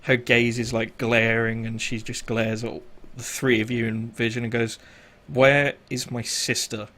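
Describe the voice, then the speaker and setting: A man's voice: medium pitch, monotone, sharp tone. A man narrating as game master of a tabletop role-playing session, casual and full of fillers. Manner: casual, filler-heavy narration with quick voiced asides.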